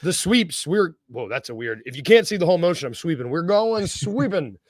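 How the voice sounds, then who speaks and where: A man's voice: a little high, very animated, a little fast, no echo. A man hosting a casual sports podcast, rambling and joking, often correcting himself mid-sentence. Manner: rambling, self-correcting, jokey. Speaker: podcast host.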